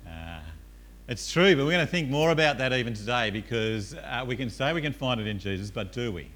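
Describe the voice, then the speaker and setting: A man's voice: mid-range voice, animated, a little fast, a bit bright. A male pastor giving a conversational sermon in a church, peppered with "uh" and questions to the congregation.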